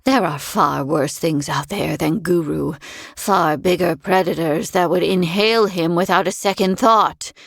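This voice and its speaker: A woman voicing a sour, vicious old female crone in an audiobook, speaking in a sharp, scolding and sarcastic way. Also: on the low side, measured pace, creaky, no echo, studio quality. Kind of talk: audiobook character voice.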